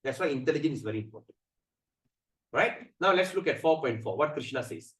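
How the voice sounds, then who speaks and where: A man's voice: mid-range voice, lively intonation, a bit bright. Man teaching scripture, echoey room. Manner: chants verses slowly, then explains animatedly with fillers. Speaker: spiritual teacher. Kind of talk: scripture class lecture. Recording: echoey room, mic at a distance.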